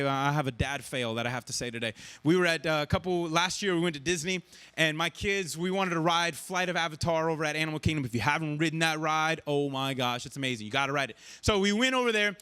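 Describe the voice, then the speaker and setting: A man delivers a lively, conversational sermon with a high pitch and a bright voice. He keeps checking in with his listeners and tells stories as he goes. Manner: energetic and conversational, keeps asking the crowd "right?". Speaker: pastor.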